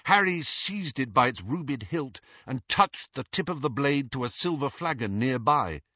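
Expressive male storyteller, bright and husky, very animated delivery. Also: mid-range voice, normal speed, dry recording, highs cut off. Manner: expressive, voices each character. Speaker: audiobook narrator. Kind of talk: scripted narration.

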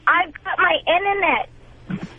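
A woman's voice: very high-pitched, slow pace, no room sound. A woman calling in to a radio show from Queens, defensive and indignant. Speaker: caller. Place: Queens, New York. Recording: phone line.

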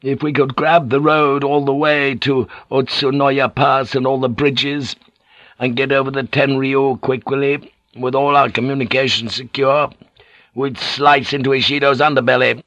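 A gruff, blunt old general, voiced by a male storyteller, talks forcefully in a slightly raised register. The recording is close and dry. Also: medium pitch, level tone, measured pace, dry recording, lo-fi sound, pitched above the performer's own voice, natural voice.

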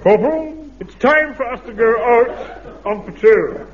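An actor playing a pompous, self-important middle-aged Home Guard captain in a radio sitcom. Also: male voice, extremely high pitch, expressive, measured pace. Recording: muffled old radio recording with hiss.

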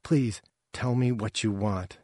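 A man reading aloud voicing a desperate human woman who pleads in halting words. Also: fairly low pitch, steady tone, warm tone, dry recording, clean studio sound. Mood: pleading.

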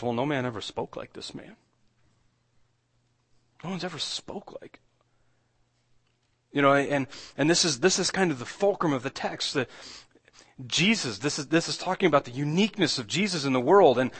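A man's voice: medium pitch, fairly bright tone. Guy preaching a sermon, chatty, trips over his words a lot, voices the people in the story, big reverby hall. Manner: conversational, many restarts, acts out quoted lines. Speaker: pastor.

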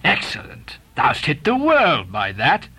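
Brief: man doing a grandiose old whaling captain, commanding and declamatory, lively bright voice. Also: a little high, a little slow, slightly rough, full character voice.

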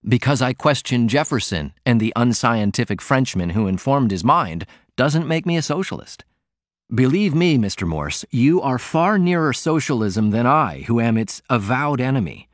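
A man's voice: mid-range voice, sing-song, normal speed, no room sound, studio quality, close to an everyday voice. A man reading as a defiant, cutting young working man. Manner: pointed, argumentative.

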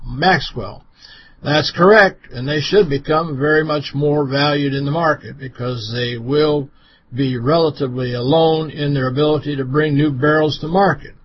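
Brief: male market analyst, raspy tone, lo-fi radio sound. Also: a little high, normal speed. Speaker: guest analyst. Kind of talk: radio interview. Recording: muffled radio broadcast.

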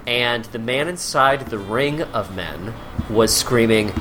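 Animated bright-voiced man telling stories. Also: mid-range voice, slow pace, faint music behind. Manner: animated storyteller, deadpan asides. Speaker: podcast guest. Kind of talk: casual chat.

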